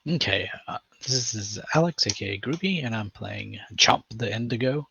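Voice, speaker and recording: A man playing in a tabletop game, introducing his character in a halting, unsure way. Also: lowish voice, animated, vocal fry, bright, forceful tone, a little hiss or hum. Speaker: player. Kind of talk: casual tabletop game chat. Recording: dull lo-fi voice chat.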